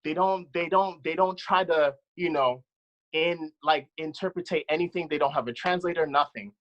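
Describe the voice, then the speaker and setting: A man speaks on a discussion panel, recounting his own experience. He is blunt and impassioned and swears freely, and his voice sits somewhat higher than most men's. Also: moderate pace, fairly bright tone, highs cut off. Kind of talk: panel discussion, personal account.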